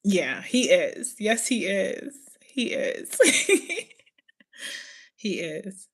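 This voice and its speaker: A woman's voice: mid-range voice, extremely slow, breathy edge. A woman from the New York area hosting a casual chat, rambling with lots of fillers, laughing often and slipping into playful accent impressions. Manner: giggly and excitable, laughs often. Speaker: podcast host.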